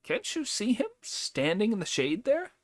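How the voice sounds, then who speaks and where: A man reading an audiobook, voicing a boastful, cocky male monkey disciple in a raised, lively voice. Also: high voice, unhurried, no echo, voice pushed up, heavily acted. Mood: mocking.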